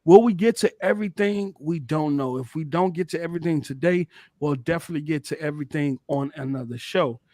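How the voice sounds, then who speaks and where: A man's voice: on the high side, brisk, a little mellow, dry recording. A man hosting a casual gaming podcast, laughing and reading out chat names. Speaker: podcast host.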